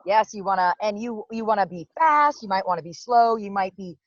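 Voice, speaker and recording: A woman's voice: mid-range voice, lively intonation, fairly quick, no room sound. A woman who hosts and coaches speakers, interviewing a guest on a video call in an upbeat way. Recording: dull lo-fi video-call audio.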